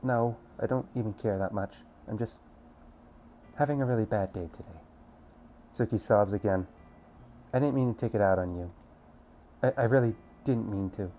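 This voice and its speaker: A man voicing a short-tempered, bratty teenage girl in a visual novel, with shrill, squeaky outbursts. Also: big pitch swings, moderate pace, slight background noise. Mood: quiet tearful.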